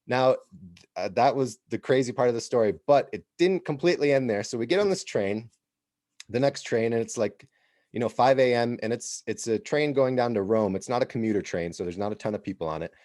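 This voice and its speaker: A man's voice: mid-range voice, lively intonation, fairly quick, a little mellow, no echo, studio quality. A man from the United States, co-hosting a podcast and telling a rambling story in a casual way. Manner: rambling, with frequent restarts and laughs. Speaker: podcast co-host.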